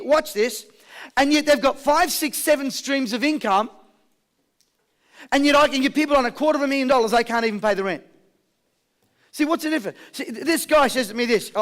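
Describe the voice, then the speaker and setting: A man giving a live motivational seminar, drawing call and response from his audience and telling jokey stories. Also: very high voice. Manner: energetic call-and-response with the crowd; jokey storytelling. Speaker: motivational speaker.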